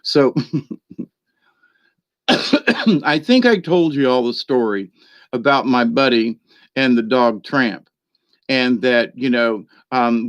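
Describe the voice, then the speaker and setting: A man talks from home in a loose, meandering way, trailing off, circling back and chuckling as he goes. His voice sits at an ordinary middle pitch. The recording is dry and a bit dull, like a modest home setup. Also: expressive, takes it slowly, long pauses, no room sound. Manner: meandering, chuckles often, many fillers. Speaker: spiritual channel host. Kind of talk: rambling casual storytelling monologue. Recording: dry, slightly dull lo-fi sound.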